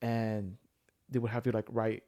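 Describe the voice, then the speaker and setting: A man's voice: lowish voice, flat delivery, measured pace, mellow. A man, telling a personal story in casual chat, full of fillers and restarts. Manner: rambling storyteller with many fillers. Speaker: podcast guest sharing his story.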